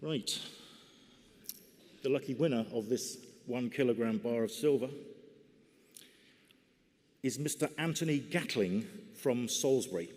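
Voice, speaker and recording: A man giving a conference report from a podium, measured and deliberate, with dry humour. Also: mid-range voice, darkish tone. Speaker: party lottery organiser giving a conference report. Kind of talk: conference speech. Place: large church hall used for a conference. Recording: long hall reverb.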